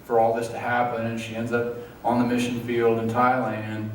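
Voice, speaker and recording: A man leading a church study group, talking in a halting way with many fillers, and at times emotional. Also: medium pitch, monotone, a little hiss or hum. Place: church hall. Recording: echoey room, far from mic.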